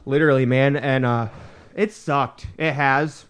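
A man's voice: mid-range voice, fairly even intonation, unhurried, a bit bright, clean tone. A man co-hosting a comedy podcast, joking and swearing in casual banter. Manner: swearing, joking, laid-back. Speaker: podcast co-host.

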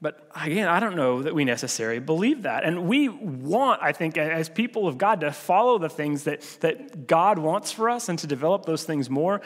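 A man giving a sermon as pastor, talking in a relaxed, conversational way with frequent filler restarts. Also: a little high, normal speed, few pauses. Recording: long hall reverb.

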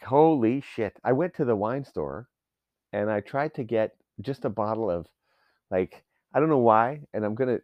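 A man's voice: on the low side, no room sound, lo-fi sound. A man talking in a casual solo rant, profane, sarcastic and rambling as he goes.

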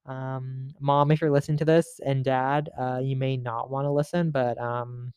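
A man's voice: medium pitch, little pitch movement, normal speed, darkish tone, clean tone, dry recording. A man in his late teens hosting a solo podcast, chatting in a rambling, profane way, full of filler words and giggles. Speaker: podcast host. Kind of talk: casual solo podcast chat.

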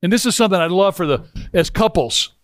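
Male pastor, conversational sermon, slightly raised pitch, dry close sound. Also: expressive, no echo. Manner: conversational, dropping into a lower voice for scripture; halting restarts.

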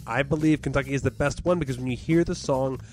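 A man's voice: mid-range voice, quick pace, darkish tone, soft background music. A man co-hosting a podcast in casual chat, arguing his points with mock seriousness. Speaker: podcast co-host.

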